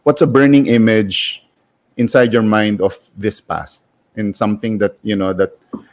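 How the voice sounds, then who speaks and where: A man with a Filipino English accent hosting an interview, asking searching questions with halting starts and Tagalog fillers. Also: fairly low pitch, steady tone. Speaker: show host.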